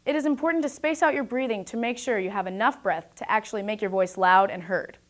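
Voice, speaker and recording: In a scripted talk on presentation skills, a young woman speaks clearly, projecting her medium-pitched voice in a deliberate way.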